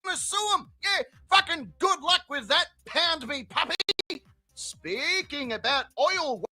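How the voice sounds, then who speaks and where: High-pitched, bright, crude man. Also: animated, a little slow. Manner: crude, rambling, profane. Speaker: comedy show host. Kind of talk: crude comic monologue.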